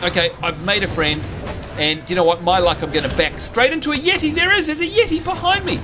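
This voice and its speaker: A man's voice: sits high, fairly quick, noisy background. A man hosting a let's play, chatting through gameplay and panicking and yelping when he is scared. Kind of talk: gaming commentary.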